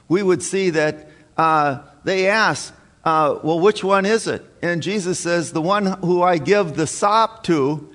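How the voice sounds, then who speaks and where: Male preacher, unhurried and folksy, stumbling over restarts, voice ringing in a big church. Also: fairly high pitch, fairly bright tone. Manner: folksy, halting, with many restarts and fillers. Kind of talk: sermon with scripture reading. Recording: long hall reverb.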